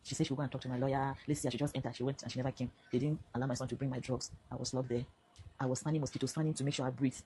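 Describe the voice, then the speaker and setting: A woman's voice: extremely low pitch, fairly even intonation, racing, dark tone, slight background noise, poor audio. A middle-aged Nigerian woman with a Nigerian accent, telling her story straight to camera in an impassioned, pleading way. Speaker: social media vlogger. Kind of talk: direct-to-camera personal statement.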